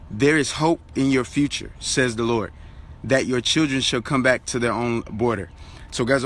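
A man's voice: mid-range voice, a bit bright. A man giving an urgent, repetitive motivational Bible talk as an online preacher, urging viewers to keep working.

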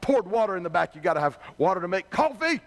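Preacher playing an irate, fairly high-voiced customer, stubborn and blustering. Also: male voice, sing-song, fast talker. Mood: angry, indignant. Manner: indignant, blustering. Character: irate, stubborn male customer complaining by phone.

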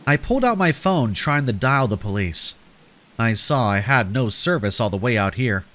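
A man's voice: mid-range voice, very animated, normal speed, a bit bright. A man narrating a scary story in a scripted, dramatic storytelling manner.

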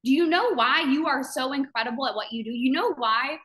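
A high, bright woman's voice, a little fast and pushed, belongs to the founder of a business community delivering a fervent motivational talk to members over a live video call. She is emphatic, repeats phrases to drive points home, and acts out other people's doubting voices in quotes.

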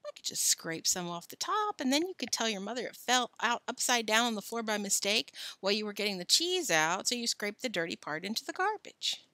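Lady doing a glib little kid talking fast to dodge trouble, dry sound. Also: fairly high pitch, very animated, sharp tone, no room sound. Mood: wheedling. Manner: glib, wheedling. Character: cheeky fast-talking boy, about ten.

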